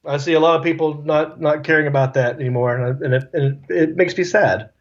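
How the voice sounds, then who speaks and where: A middle-aged man, a comedian, telling stories on a video call in a relaxed, joking way. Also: fairly high pitch, a little fast. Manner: laid-back, jokey storytelling with put-on voices. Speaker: guest comedian. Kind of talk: casual video-call interview. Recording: dull lo-fi call audio.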